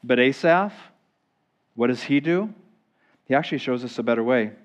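A man preaching a sermon as pastor, reading scripture slowly with emphasis and asking his listeners questions. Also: medium pitch, expressive.

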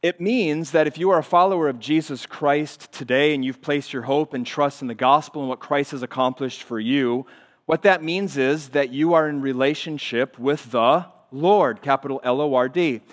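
A man preaching a sermon to his congregation, talking plainly and then building through repeated phrases to loud, emphatic peaks. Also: on the high side, moderate pace. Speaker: pastor. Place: church sanctuary.

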